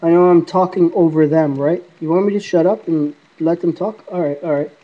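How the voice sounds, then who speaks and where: A man's voice: on the high side, steady tone, brisk. A man rambling casually to the camera in a paranormal app vlog, answering unseen spirits as he talks. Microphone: iPod camera mic. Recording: dull lo-fi iPod recording.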